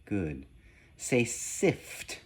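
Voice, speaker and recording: A man slowly giving spoken sound-swap drills, one deliberate prompt at a time. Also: fairly low pitch, sing-song, breathy edge. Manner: slow, deliberate, evenly paced prompts. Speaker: reading test examiner. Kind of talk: slow scripted phoneme drill.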